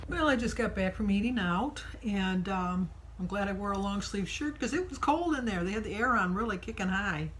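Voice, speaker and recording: A woman's voice: mid-range voice, expressive, moderate pace, hardly any pauses, a little hiss or hum, rough recording. An older woman from Michigan chatting casually in her daily vlog, telling a long story with lots of fillers. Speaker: vlogger.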